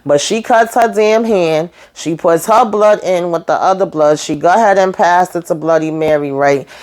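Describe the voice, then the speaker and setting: A woman's voice: lowish voice, moderate pace, a little mellow. A woman reviewing a TV episode, retelling the plot in a sassy, emphatic, slangy way and tagging her lines with "okay?" and "baby". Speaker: TV show reviewer. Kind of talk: casual episode recap.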